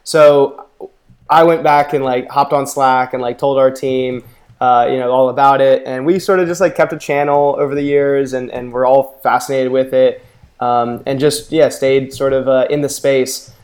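A man's voice: mid-range voice, fairly even intonation, normal speed, a little mellow. A man appearing as a guest on a podcast, telling his background in casual talk with many fillers.

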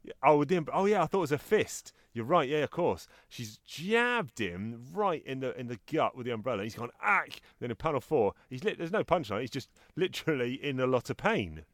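A man's voice: medium pitch, sing-song, a little fast, few pauses, no echo. A man co-hosting a podcast, chatting casually and retelling comic strips with an easygoing manner and chuckles. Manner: easygoing storytelling with chuckles while reading out strips. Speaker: podcast co-host.

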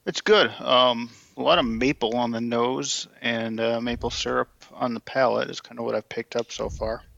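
Gravelly guy on a podcast, dry jokes, kinda dull lo-fi mic. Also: medium pitch, steady tone, moderate pace, fairly bright tone, no room sound. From Tennessee. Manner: dry, joking, hesitant fillers. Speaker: podcast co-host. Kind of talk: casual chat over drinks. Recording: dull lo-fi sound.

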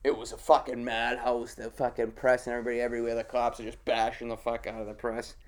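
A man's voice: medium pitch, monotone, fast talker. A man, a podcast guest telling loose, profane stories in casual chat.

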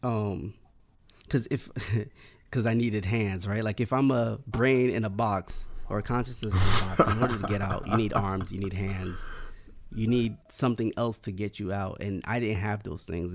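A man with a gravelly, creaky voice recounts a personal experience in loose, casual talk. He rambles, circles back on himself and fills his sentences with "like" and restarts. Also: fairly low pitch.

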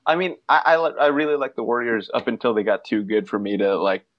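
A man's voice: medium pitch, lively intonation, quick pace, muffled recording, slight background noise. A man co-hosting a casual sports podcast, rambling and joking with lots of fillers. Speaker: podcast co-host.

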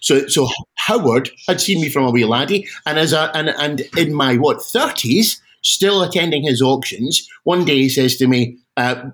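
A middle-aged Scottish man, a guest auctioneer, telling stories in a casual interview with animated, self-deprecating restarts. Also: mid-range voice, brisk, poor audio. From Scotland.

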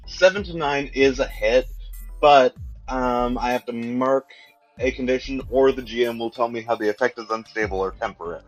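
A man's voice: mid-range voice, moderate pace, faint music behind, rough recording. A man speaking as a player in a tabletop game, matter-of-fact and dry.

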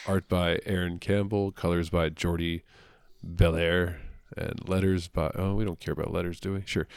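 A man, co-hosting a casual comic book podcast, rambling with many fillers and quick impressions. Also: sits low, little pitch movement, clean tone, no room sound, clean studio sound. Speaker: podcast co-host.

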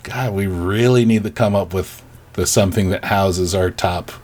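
A man's voice: sits low, moderate pace, darkish tone. A man co-hosting a podcast, chatting casually in a rambling, wry way with many fillers. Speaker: podcast co-host. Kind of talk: casual chat.

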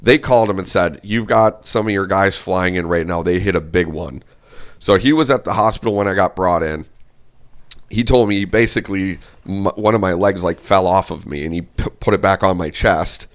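A man from Minnesota telling his story as an interview guest, animated and swearing, acting out what others said in a raised voice. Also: sits low, moderate pace.

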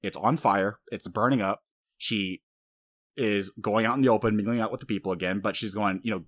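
A man's voice: lowish voice, a little fast, no echo. A man casually recapping an anime plot, telling it animatedly with many fillers. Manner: animated storytelling, frequent fillers.

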